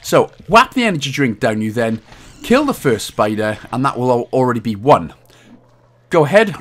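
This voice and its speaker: A man with a Welsh accent giving casual game walkthrough commentary, jokey and self-deprecating and swearing freely. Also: medium pitch. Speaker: gaming guide host.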